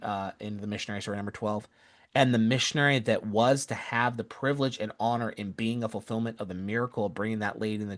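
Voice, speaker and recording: A man telling a missionary story with an earnest, casual manner, often correcting himself mid-sentence. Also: on the low side. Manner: earnest, self-correcting, acts out quoted voices.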